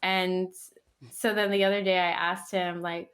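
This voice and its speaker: A young woman hosting a podcast, telling stories in a lively casual chat and acting out the quotes. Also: on the low side, unhurried. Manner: animated storyteller, acting out quotes. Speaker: podcast host. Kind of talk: casual conversation.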